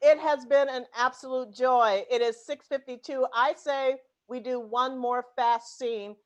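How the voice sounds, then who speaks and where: Bubbly improv host, woman, high voice, video call. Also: fairly even intonation, unhurried. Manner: bubbly, laughs often. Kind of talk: online improv show, in and out of scenes.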